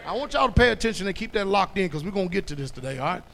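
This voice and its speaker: A man preaching a sermon as pastor, blunt and folksy, who quizzes his congregation with "what?" and builds to loud, emphatic stretches. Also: sits high, expressive, rapid-fire, gravelly.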